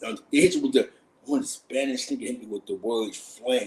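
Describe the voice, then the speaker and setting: A man's voice: mid-range voice, fairly quick, poor audio. A man from Harlem, hosting a livestream and telling street stories in slangy talk with frequent laughter. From Harlem, New York. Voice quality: slangy, laughs often, animated. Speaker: livestream host. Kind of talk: casual street storytelling.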